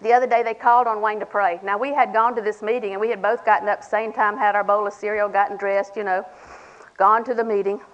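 A woman's voice: mid-range voice, steady tone, fast talker, highs cut off. An older woman preaching a sermon in a folksy, humorous way, acting out little conversations. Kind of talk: sermon to a women's audience.

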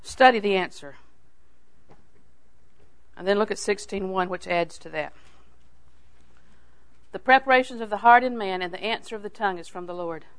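An older woman delivers a sermon in a homespun, storytelling way. She punches key phrases loudly, then drops into near-hushed asides. She has the easy manner of a longtime Bible teacher. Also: mid-range voice, normal speed, pauses often. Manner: folksy and animated, swings from loud emphasis to hushed asides.

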